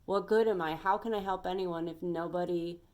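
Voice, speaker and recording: A woman's voice: fairly low pitch, fairly even intonation, normal speed, darkish tone. A young adult woman giving an earnest, emphatic pep talk as a tarot reader, rambling a little as she goes.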